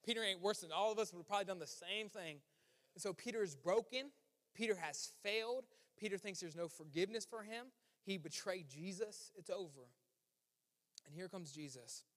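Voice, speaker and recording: A pastor preaching a sermon, building to emphatic peaks and falling to hushed endings. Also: male voice, high-pitched. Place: church sanctuary. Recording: long reverb of a church hall.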